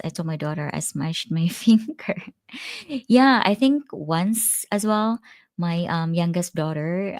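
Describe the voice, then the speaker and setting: A woman's voice: low-pitched, vocal fry, a little mellow, dry recording, studio quality. A middle-aged woman hosting a casual livestream, chatting and laughing easily as she tells stories and answers viewer comments. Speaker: livestream host. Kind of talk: casual live-stream chat.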